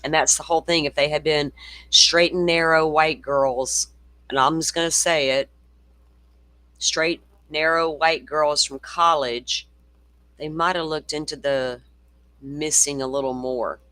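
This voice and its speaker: A man's voice: a little high, fairly even intonation, unhurried, bright, forceful tone, dry recording. A middle-aged man hosting a casual true-crime livestream, swearing freely and reading viewer comments aloud. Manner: profane, ranting, reads viewer comments aloud.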